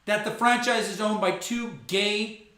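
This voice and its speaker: A man's voice: sits high, steady tone, measured pace, pushed and bright, heavy reverb, poor audio. Man rambling jokes on a live stream. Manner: loose, joking, digressive, laughs at own jokes. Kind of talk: rambling comedic monologue.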